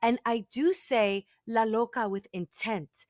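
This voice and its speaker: A woman comedian talks as a guest, animated and chatty. Her voice sits a little high and sounds dry and close. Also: moderate pace, no echo. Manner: animated, chatty, many fillers like "like" and "you know". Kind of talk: casual conversation.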